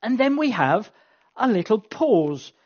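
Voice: mid-range voice, big pitch swings, unhurried, a little mellow, lo-fi sound. A preacher giving a conversational sermon with wry asides that builds to emphatic passion, then leads a prayer.

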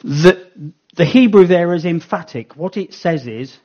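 Teaching from the Bible at normal speed, this man's voice is a little high and a little mellow. He works things out as he talks, often saying um and correcting himself, and the lo-fi recording sounds dull.

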